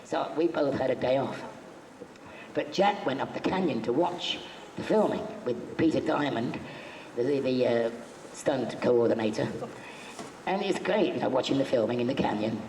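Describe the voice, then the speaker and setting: A man's voice: mid-range voice, animated, moderate pace, darkish tone. A man telling jokey, chatty anecdotes as a guest on a convention panel, acting out the quotes in his stories. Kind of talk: anecdotal storytelling to a live audience. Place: convention hall. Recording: echoey hall, faint background noise.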